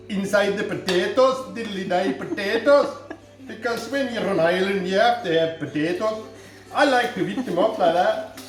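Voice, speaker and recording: Irish guy doing a goofy cooking bit, rambly deadpan jokes, really echoey kitchen, faint music behind. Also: sits high. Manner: jokey, rambling, deadpan asides. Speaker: home cooking show host. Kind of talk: comic cooking demonstration. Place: home kitchen.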